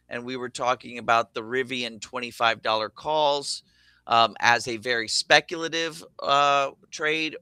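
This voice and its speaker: Bright, crisp-voiced man explaining trades. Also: mid-range voice, no echo. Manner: energetic, enthusiastic, thinks aloud with fillers. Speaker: show host, options trader.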